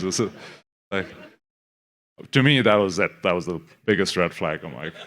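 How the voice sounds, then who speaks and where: Guy on a conference stage, kinda low voice, chatty storytelling, quotes people as he goes. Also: normal speed, pauses often, fairly bright tone. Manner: conversational storytelling with quoted asides. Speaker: conference presenter. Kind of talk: live conference talk.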